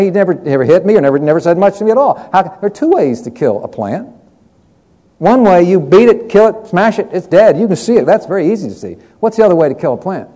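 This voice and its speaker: Earnest preacher man, soft warm voice. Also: high voice. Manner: earnest, repeats words when moved. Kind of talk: sermon with retold counseling stories.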